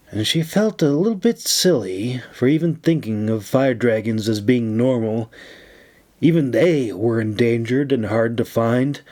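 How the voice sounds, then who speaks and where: A man reading a fantasy audiobook chapter in a measured, unhurried narration. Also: medium pitch, darkish tone.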